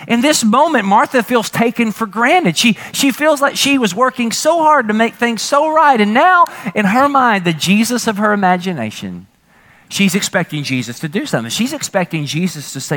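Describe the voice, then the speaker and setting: A man preaching a sermon as pastor, animated and humorous, with frequent rhetorical questions to the congregation. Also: high voice, moderate pace.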